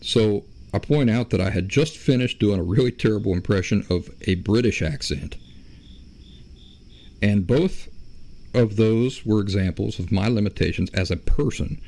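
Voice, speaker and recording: A man talks alone on his own podcast, working through his points slowly and correcting himself as he goes. His voice sits fairly low and has a gravelly, fried edge. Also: a little mellow. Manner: measured, explaining, self-correcting. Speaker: podcast host. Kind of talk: solo podcast monologue.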